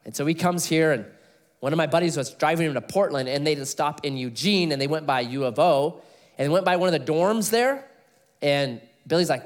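A middle-aged man preaching an expository sermon, telling stories with animated delivery and laughing at his own jokes. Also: on the high side, fairly quick. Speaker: pastor.

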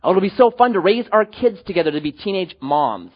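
A man preaching a sermon as pastor, animated, rising to loud emphatic peaks and dropping to quiet low endings. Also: a little fast, dull audio.

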